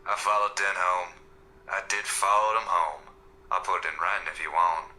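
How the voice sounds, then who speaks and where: A gruff henchman, voiced by a man, recites his lines in a flat, rehearsed way. His voice is very deep yet sharp. The scene is an audio drama. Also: moderate pace, faint music behind, low-quality recording. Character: gruff male henchman confessing.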